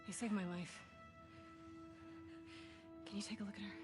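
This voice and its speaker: An actress voicing a blunt, muscular young woman soldier in a game scene, speaking low and terse. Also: fairly even intonation, moderate pace, music in the background, natural voice.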